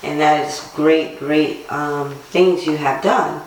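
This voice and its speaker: A man interviewing a guest, speaking slowly with hesitant pauses. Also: fairly high pitch. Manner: slow and even, with hesitant fillers. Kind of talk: interview questions. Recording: distant mic, very echoey room.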